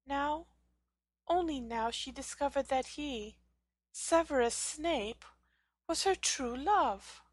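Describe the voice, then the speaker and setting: Woman reading a fanfic aloud, slow and dramatic, dry close recording. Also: high voice, no room sound. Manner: slow, dramatic, expressive storytelling. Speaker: narrator. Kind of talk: fan fiction audiobook reading.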